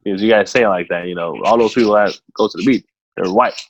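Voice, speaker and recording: A man's voice: lowish voice, fast, dry recording. A man in casual chat among friends who swears freely and repeats himself. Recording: dry, dull lo-fi mic.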